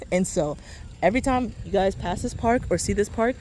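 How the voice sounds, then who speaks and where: A woman's voice: medium pitch, brisk, a little mellow, a little hiss or hum. A woman vlogger walking and talking through an outdoor park tour, chatty and joking with viewers, out of breath the whole way on a faulty mic. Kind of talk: casual walking-tour chat.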